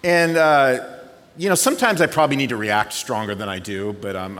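Animated pastor preaching in a reverberant hall. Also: male voice, fairly low pitch, fairly quick. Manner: conversational, swings from hushed reflection to excited storytelling. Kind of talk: sermon. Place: church sanctuary.

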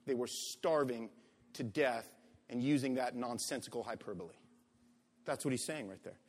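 A male pastor preaching a sermon in an animated, conversational way, asking rhetorical questions. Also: fairly high pitch, big-room sound.

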